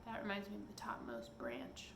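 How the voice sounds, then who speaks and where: A woman's voice: medium pitch, sing-song, normal speed, creaky, background noise. A woman reading a children's story aloud in a casual way, in an echoey room. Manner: casual, stops to chat with someone nearby. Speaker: reader. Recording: echoey room with faint background.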